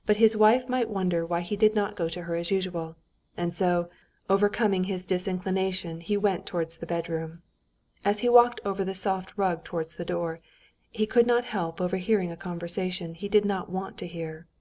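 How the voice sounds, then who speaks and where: A woman narrating a classic novel as an audiobook in an even, measured storytelling manner. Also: fairly low pitch. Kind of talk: scripted narration.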